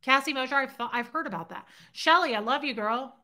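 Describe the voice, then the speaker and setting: Speaking fairly quickly in a high, bright, forceful voice, a woman runs a casual livestream recorded on her phone. She reads out viewers' comments and chats back with a teasing, self-mocking humor.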